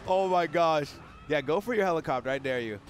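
A hoarse young man hosting a gaming channel, giving hyped, giggly commentary while he plays and shouting when things get exciting. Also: a little high, a little fast, a little hiss or hum.

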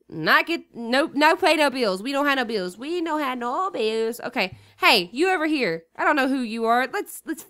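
A young woman with the sniffles commentates a life-sim game, bossing and teasing the characters in an excitable, jokey way. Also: high-pitched. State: sniffly with a cold. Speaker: gaming YouTuber. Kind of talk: Let's Play commentary.

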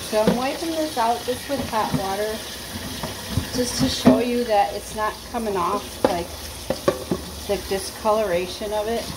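A woman's voice: mid-range voice, measured pace, heavy background noise. A woman chatting casually through a home vlog from her kitchen, talking her way through household chores and cooking with fillers and asides. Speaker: vlogger.

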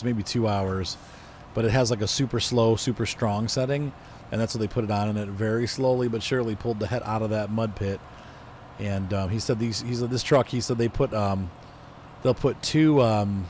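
A man's voice: lowish voice, a little mellow, slight background noise. A man with a congested, stuffy voice, chatting casually and thinking aloud as he streams a game. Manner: rambling, thinks aloud while driving, self-corrects. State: congested from allergies. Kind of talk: casual gameplay commentary.

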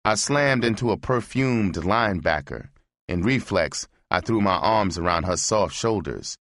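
A man reading a first-person audiobook in a slow, measured delivery. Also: low voice, fairly bright tone, no echo, clean studio sound. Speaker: audiobook reader.

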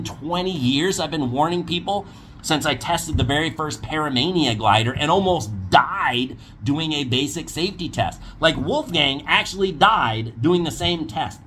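A man's voice: a little high, fairly bright tone, a little hiss or hum. A man ranting bluntly in a commentary video, mocking others and giving safety warnings as a paramotor dealer.

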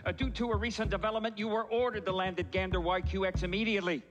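An actor playing a firm air traffic controller, brisk and commanding, in a musical cast recording. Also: male voice, high voice, level tone, lightly acted. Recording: reverberant stage recording with music.

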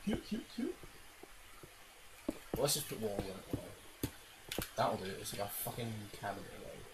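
A man's voice: on the low side, fairly quick. A man giving rambling, self-mocking gameplay commentary, swearing often and making silly noises. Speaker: game commentator. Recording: loud background noise.

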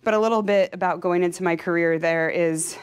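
Energetic, chatty woman giving a talk. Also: lowish voice, a little fast, clear, resonant tone. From California. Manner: energetic, chatty, laughs often; emotional and openly heartfelt. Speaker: professional cyclist giving a talk. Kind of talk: motivational talk to an audience.

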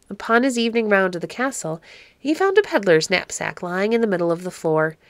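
A woman hosting a podcast and reading an old storybook aloud in a measured, gently expressive way. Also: medium pitch, no echo. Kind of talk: storybook read-aloud narration.

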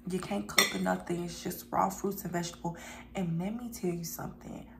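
A woman's voice: on the low side, level tone, a little fast, vocal fry, a bit bright, a little hiss or hum. A young woman vlogger chatting casually to her viewers while eating a meal, addressing them as y'all and burping now and then between bites. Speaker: mukbang vlogger.

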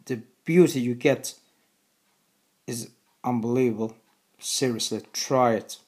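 A man with a Turkish accent, a native Turkish speaker, talking earnestly to the camera in a video, repeating his phrases slowly and deliberately. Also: medium pitch, steady tone, a little mellow. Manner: earnest, repetitive, slow and deliberate. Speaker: video host. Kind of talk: religious appeal to camera.

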